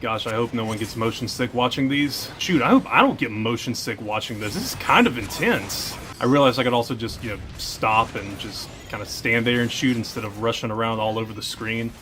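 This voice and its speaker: A young man hosting a gaming channel, giving excitable, rambling, jokey commentary as he plays. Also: mid-range voice, a little fast, hardly any pauses, slight background noise. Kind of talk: casual gameplay commentary.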